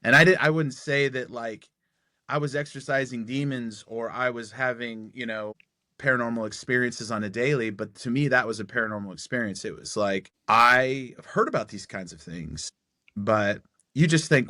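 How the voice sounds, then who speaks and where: Podcast guest, man in his forties, lively storyteller who acts out every line of dialogue, bright edge to the voice. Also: medium pitch, moderate pace, no echo, clean studio sound. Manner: animated storyteller acting out quoted dialogue.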